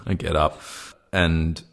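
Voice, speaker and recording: A man's voice: a bass voice, fairly even intonation, extremely slow. A man, co-host of a podcast, telling a rambling story in casual chat and slipping into to quote the people in it. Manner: rambling anecdote with put-on accents for quoted people.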